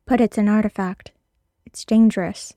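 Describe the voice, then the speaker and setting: A woman voicing Elliot, a gruff, grumbling man, in a read-aloud story. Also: medium pitch, fairly even intonation, normal speed, mellow, dry recording, clean studio sound, close to an everyday voice.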